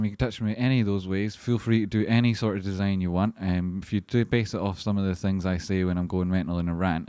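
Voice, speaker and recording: A man's voice: deep voice, mellow, no room sound. A British man hosting a stock market live stream, talking bluntly, swearing constantly and replying to his chat.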